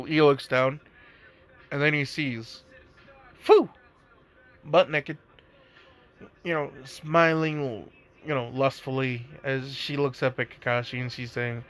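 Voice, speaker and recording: A man's voice: mid-range voice, slow, long pauses, a bit bright. A man casually telling a fan-made story, rambling with lots of fillers and asides. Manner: rambling, filler-heavy, amused.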